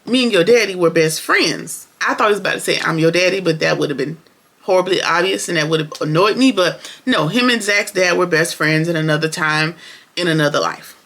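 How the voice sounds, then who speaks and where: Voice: medium pitch, brisk, sharp tone. A show reviewer recapping an episode in casual, opinionated, slangy chat, talking straight to viewers.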